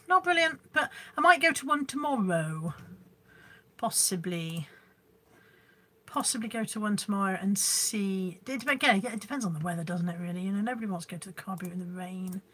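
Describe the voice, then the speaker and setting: A woman's voice: medium pitch, lively intonation, normal speed, fairly bright tone. A woman hosting a live stream from home on her phone, chatting with viewers, reading out their comments and rambling a little. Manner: chatty and scattered, reads out comments. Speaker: live-stream reseller host. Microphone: phone camera.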